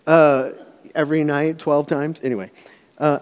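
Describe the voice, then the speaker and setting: Middle-aged man, pastor, conversational sermon, somewhat high voice, long reverb of a church hall. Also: normal speed, darkish tone. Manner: conversational, anecdotal preaching with many restarts. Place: church sanctuary.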